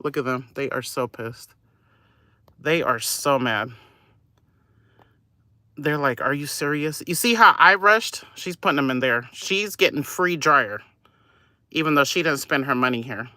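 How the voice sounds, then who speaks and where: A woman live-streaming from a laundromat on her phone, giving a nosy, gossipy running commentary and often dropping to a hushed voice. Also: extremely low pitch, expressive, unhurried, pauses often, no room sound, studio quality. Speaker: vlogger.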